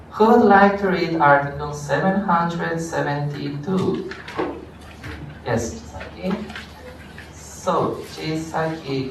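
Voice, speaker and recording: Lecturer, slow measured delivery, distant mic in a very echoey classroom. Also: medium pitch, vocal fry, background noise. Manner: explains slowly, checks on students. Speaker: law lecturer. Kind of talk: university lecture.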